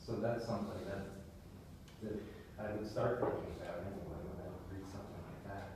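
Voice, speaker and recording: A man speaking in a measured, hesitant way during a casual group discussion. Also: steady tone. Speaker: seminar participant. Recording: very echoey room, distant mic, faint rumble.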